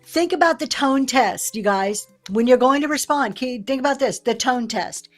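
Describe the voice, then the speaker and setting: A middle-aged woman hosting a casual livestream, chatty and quick to laugh as she reads viewer comments. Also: high-pitched, expressive, faint music behind. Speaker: live-sale seller and host. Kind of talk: casual livestream business talk.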